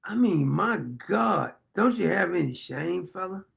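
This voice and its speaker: A man's voice: high-pitched, lively intonation, measured pace, creaky, a bit bright. A man hosting a livestream who laughs, exclaims and mocks the clips he plays. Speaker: livestream host. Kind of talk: mocking livestream commentary.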